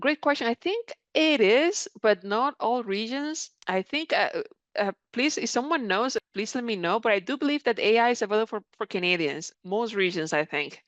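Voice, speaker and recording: A woman mentor presenting a live software tutorial, reading viewer comments aloud and answering them in a conversational, encouraging way. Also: medium pitch, lively intonation, moderate pace, no room sound. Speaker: creator program mentor presenting a live session. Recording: slightly dull, dry audio.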